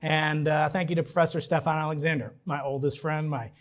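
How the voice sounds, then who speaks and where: A man's voice: fairly high pitch, fairly even intonation. Man giving a joking ceremonial speech. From New York, Long Island. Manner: joking asides, halting restarts. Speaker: commencement speaker. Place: large ceremony venue.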